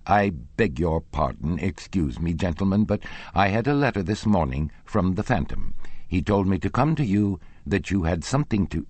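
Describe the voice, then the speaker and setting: A man's voice: deep voice, sing-song, moderate pace, a little mellow, husky, no echo, voice pushed up, heavily acted. A man voicing a flustered older woman box-keeper, speaking hurriedly and apologetically.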